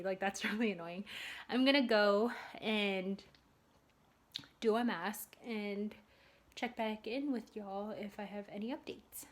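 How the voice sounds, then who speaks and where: A woman's voice: mid-range voice, unhurried. A young adult woman vlogging casually at home, chatty and rambling, with lots of fillers. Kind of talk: casual vlog chat.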